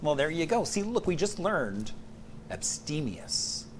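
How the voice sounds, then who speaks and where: A man's voice: fairly high pitch, very animated, normal speed, a little hiss or hum. A middle-aged man co-hosting a casual morning show, talking in a playful, exuberant way. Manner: playful, exuberant, goofy sound effects. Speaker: co-host.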